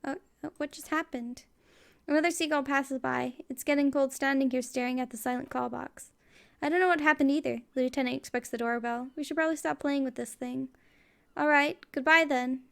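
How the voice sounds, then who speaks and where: A woman's voice: sits high, fairly even intonation, brisk, gravelly, fairly bright tone. A woman playing a game on video, reading the on-screen text aloud in a casual way, with wry asides. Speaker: let's play gamer.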